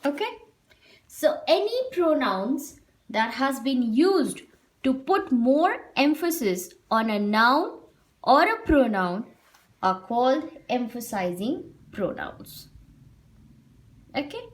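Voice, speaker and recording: A woman teaching a grammar lesson to children, repeating example sentences slowly and explaining them. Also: sits high, big pitch swings.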